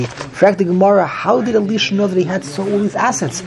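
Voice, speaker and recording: A man teaching a Talmud class, an animated, repetitive, joking storyteller who mixes in Hebrew and Yiddish terms. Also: high-pitched, fast talker, gravelly, hardly any pauses. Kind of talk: Daf Yomi Talmud class.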